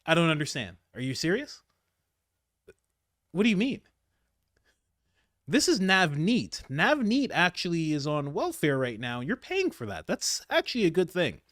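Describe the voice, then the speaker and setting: A man hosting a commentary channel, reacting to a clip in a sarcastic, animated way that swings between mutters and outbursts. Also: fairly high pitch, unhurried, long pauses, no echo, studio quality.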